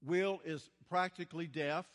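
An older man preaches in a large church. His voice sits high and his delivery is slow and unhurried, dropping to a hush and then rising loud as he tells his stories. Long reverb from the hall trails every phrase. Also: fairly even intonation. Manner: storytelling, folksy, dramatic swings in loudness. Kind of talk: sermon.

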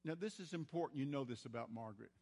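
An older man preaching a sermon, telling stories in a folksy, dramatic way that swings from hushed to loud. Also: medium pitch, animated, quick pace, breathy edge. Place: large church. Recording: church hall with long reverb.

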